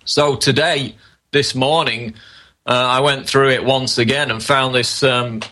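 Bright, matter-of-fact man explaining. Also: mid-range voice, steady tone, measured pace. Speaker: guest writer. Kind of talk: explanatory commentary.

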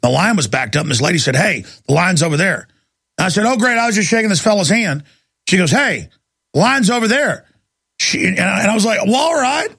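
A middle-aged man hosting a radio talk show, delivering an angry rant, shouting and pushing his voice up when worked up. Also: sing-song, fairly quick, gravelly, slightly rough. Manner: shouting and ranting, voice climbing high when angry.

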